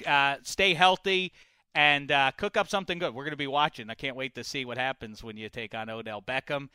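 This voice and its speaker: A man's voice: mid-range voice, fairly quick, pushed and bright, clean tone, dry recording. A man hosting a sports radio show in casual chat, joking and bantering with his co-hosts.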